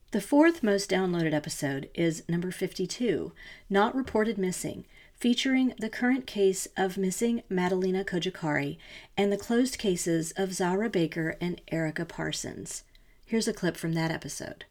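Lady reading true crime script, steady and calm, bit low voice. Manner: even, measured reading of case details. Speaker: true crime podcast host.

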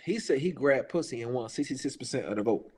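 A man's voice: mid-range voice, lively intonation, quick pace, a little mellow, husky, long reverb tail. A man in his thirties ranting in casual talk, heated and profane, repeating his points with emphasis. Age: 30s. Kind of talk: casual political rant.

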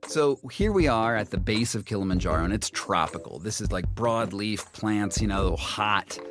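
A man's voice: fairly low pitch, moderate pace, over music. A man telling his own story casually, acting out quotes in a raised voice. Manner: animated, acts out quotes in a raised voice. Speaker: interviewee recounting a climb.

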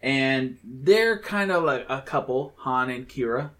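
Casual male podcaster, mid-pitched, rambling movie chat. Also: lively intonation, unhurried, a bit bright. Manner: chatty, enthusiastic, rambling with fillers.

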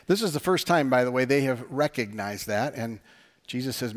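A man's voice: medium pitch, animated, moderate pace. A man preaching a sermon as pastor, talking conversationally, asking the audience rhetorical questions and using dry sarcastic humor.

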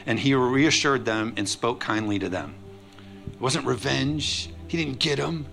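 A man preaches to his congregation in an energetic, conversational way, tossing in playful asides. His voice is bright with a gravelly edge. Faint music sits under the live church recording. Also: mid-range voice, unhurried. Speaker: pastor. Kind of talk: sermon.

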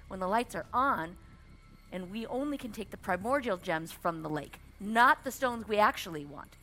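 A woman playing a tabletop game on a livestream, excitable and talking over the others. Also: mid-range voice. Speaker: player.

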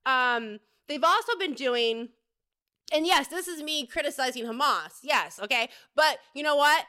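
A woman with a high, bright, sharp-edged voice rants solo on her own podcast. She is angry and swears freely as she rambles from point to point. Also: animated, normal speed. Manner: angry, profane, rambling rant. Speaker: podcast host. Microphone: home podcast setup.

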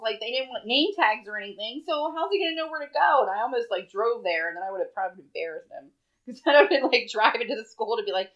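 A woman in her thirties chats on a casual podcast, laughing often and swearing freely. Her voice sits a little high. The recording is dull and lo-fi. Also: lively intonation, fast talker, fairly bright tone. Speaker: podcast co-host. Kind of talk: casual chat. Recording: dull lo-fi sound.

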